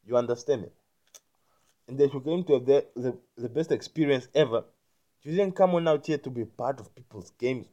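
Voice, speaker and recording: A man rambling through a spiritual monologue, repeating himself and often checking that the listener understands, growing loud and emphatic when indignant. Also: medium pitch, a little fast, highs cut off. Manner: repetitive, keeps asking "you understand me?".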